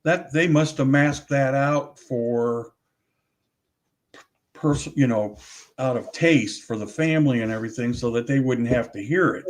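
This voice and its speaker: An older man talking casually as an interview guest, rambling with many restarts and self-corrections as he recalls his audio work. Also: medium pitch.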